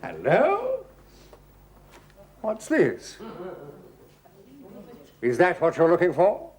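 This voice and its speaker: An actor playing a smooth, genteel gentleman with a posh English accent, in a 1970s studio sitcom. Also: high-pitched, huge pitch swings, extremely slow, heavily acted. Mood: suave. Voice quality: polished, suave, genteel. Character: smooth, posh, scheming male gentleman con man. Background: studio audience laughter.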